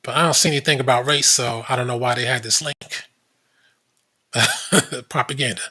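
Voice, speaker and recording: A man's voice: mid-range voice, fairly even intonation, moderate pace, sharp tone, breathy edge. A man hosting a commentary show, casually reading web pages aloud with blunt asides. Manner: blunt, reads aloud from screen, frequent asides.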